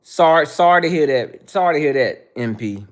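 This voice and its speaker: A man's voice: fairly high pitch, lively intonation, moderate pace. A man hosting a casual livestream, answering viewer chat in a mocking, profane, confrontational way.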